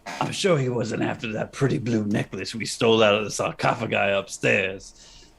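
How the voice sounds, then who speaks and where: Man, tabletop player, gravelly voice, lowish pitch, dry wry remarks. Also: fairly even intonation, moderate pace, a bit bright. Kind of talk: casual tabletop game chat.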